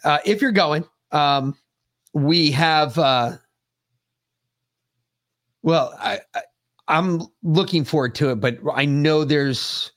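A man's voice: a little high, takes it slowly, long pauses, fairly bright tone, no room sound, clean studio sound. A man hosting a podcast in casual chat, rambling and profane as he tells stories. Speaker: podcast host.

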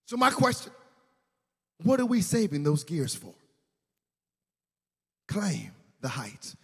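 A man's voice: fairly high pitch, very animated, takes it slowly, vocal fry, pauses often, slightly rough. A man preaching a sermon as pastor, speaking straight to the congregation and building to fervent declarations. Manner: preaching with rising fervor, addressing the congregation directly. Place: church sanctuary. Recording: long reverb of a large church hall.

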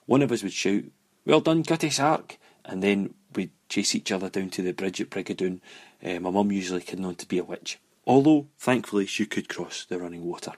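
A Scottish man telling an animated personal story about his family. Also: low voice, brisk, no room sound. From Scotland.

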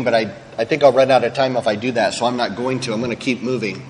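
A man's voice: medium pitch, long reverb tail, a little hiss or hum, poor audio. A male pastor delivering a sermon in a candid, conversational way, with frank asides.

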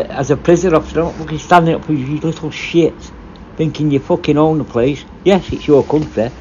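A man's voice: fairly high pitch, a little hiss or hum. Blunt, sweary man on a dull lo-fi recording. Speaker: former prison officer. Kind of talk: casual monologue to camera.

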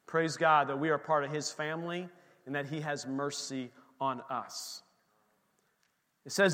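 A man in his thirties preaching a sermon as pastor, animated and joking with the congregation. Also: fairly high pitch, measured pace, long pauses. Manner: animated preaching with asides and humor. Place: church sanctuary. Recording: long hall reverb from a church room.

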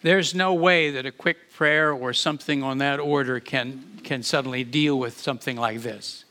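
A man's voice: medium pitch, steady tone, normal speed, sharp tone. A man preaching a sermon as pastor, earnest and often repeating words as he builds emphasis, then leading a prayer.

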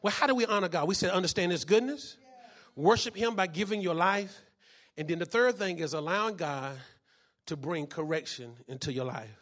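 A male pastor preaching a sermon, reading scripture and calling out questions for the congregation to answer, rising to shouts at times. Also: high-pitched, expressive. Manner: reads scripture slowly, then builds to shouted preaching; call-and-response, asks congregation "what?".

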